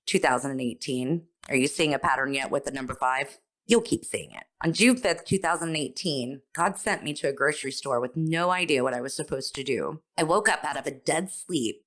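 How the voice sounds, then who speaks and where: Woman, deep voice, podcaster, personal testimony, expressive and self-mocking. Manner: expressive, self-deprecating, acts out her own thoughts. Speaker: author and podcaster.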